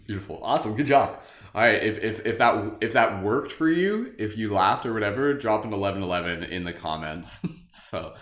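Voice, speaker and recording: Low-voiced man guiding a meditation, roomy echo. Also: expressive, moderate pace, fairly bright tone. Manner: joking, rambling, lots of "like". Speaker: meditation host. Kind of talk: casual guided meditation livestream.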